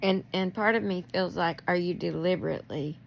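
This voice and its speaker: A middle-aged woman with a gravelly, fry-laced voice vents in a rambling personal monologue. She talks straight at someone she is angry with, firing off accusing questions and laughing through her fury. A faint hiss sits under her voice. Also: on the low side, a little fast. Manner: confrontational, addressing someone directly.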